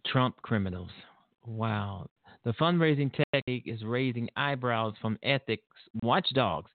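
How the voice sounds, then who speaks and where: A man's voice: medium pitch, lively intonation, a little slow, no echo. A man hosting his own show, giving rambling, indignant political commentary with laughter and restarts. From Illinois, USA. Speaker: show host. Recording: dry tinny phone-like sound.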